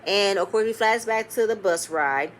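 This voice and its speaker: A woman giving a casual, animated recap of a reality show episode, quoting the cast and swearing freely. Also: mid-range voice, moderate pace, a little hiss or hum.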